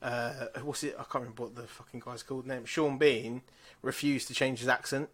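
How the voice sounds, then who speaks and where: A man's voice: medium pitch, steady tone, brisk, heavy background noise. Man, podcast co-host, blunt and easygoing. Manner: blunt, laughs at his own stories. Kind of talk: casual chat.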